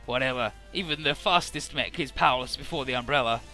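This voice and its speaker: A man casually recapping a video game story, rambling with filler words and quick character voices. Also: mid-range voice, pushed and bright, faint music behind. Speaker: let's play narrator.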